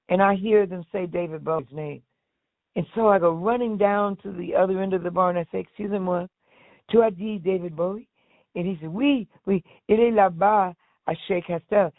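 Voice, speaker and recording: Woman, guest interview, lively storyteller, acts out quotes, thin phone-like sound, dry. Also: lowish voice, no room sound. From United States. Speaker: guest, singer. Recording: tinny phone-like line, dry.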